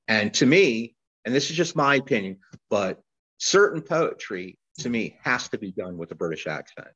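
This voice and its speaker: A man talking as a guest poet in a casual interview, rambling and halting with lots of fillers and restarts. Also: mid-range voice, sing-song, a bit bright, slightly rough, lo-fi sound.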